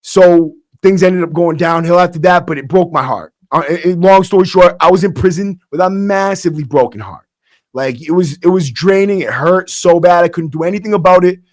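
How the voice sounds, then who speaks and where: A podcast host who once served time delivers a casual storytelling monologue in a high-pitched, slightly fast voice. He's blunt and streetwise, often saying "bro" and restarting sentences. The studio-quality recording has no room sound, with faint acoustic guitar music in the background.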